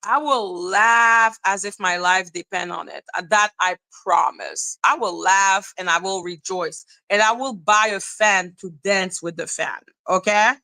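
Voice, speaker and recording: A woman's voice: mid-range voice, a little slow, hardly any pauses, sharp tone, low-quality recording. A woman hosting a commentary livestream, ranting in a profane, sarcastic and scornful way. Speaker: commentary channel host. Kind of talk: livestream rant.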